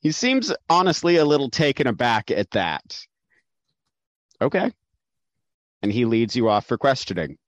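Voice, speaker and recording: A man narrating as game master for a tabletop game, measured and descriptive with occasional fillers. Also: mid-range voice, very animated, no room sound. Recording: dull dry lo-fi sound.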